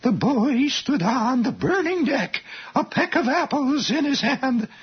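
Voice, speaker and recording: A man's voice: very high-pitched, expressive, unhurried, breathy edge, voice pushed up, exaggerated voice. Man mimicking a cracked old schoolteacher's reading voice. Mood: declaiming. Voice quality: cracked, preacherish sing-song. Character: pompous old woman teacher reading aloud. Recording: dull lo-fi recording.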